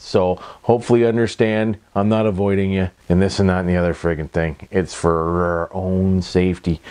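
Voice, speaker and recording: Fairly low-pitched and a bit mellow, a Canadian man voices over his vlog using a microphone. His Canadian-accented talk is loose and folksy, rambling on with catchphrases and tag questions.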